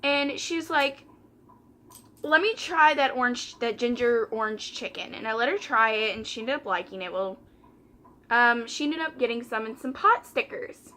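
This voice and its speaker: Young woman telling a work story while doing her makeup, bright voice, bit high. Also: animated, normal speed. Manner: chatty storytelling, quoting customers and coworkers. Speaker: vlogger.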